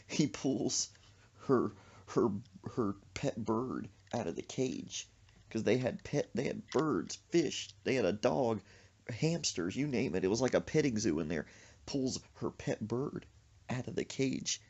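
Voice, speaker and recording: A man's voice: mid-range voice, slow pace, breathy edge. A man telling a comic story on a podcast, acting out sound effects as he goes. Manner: animated, acts out sound effects. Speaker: podcast host. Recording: dull lo-fi recording.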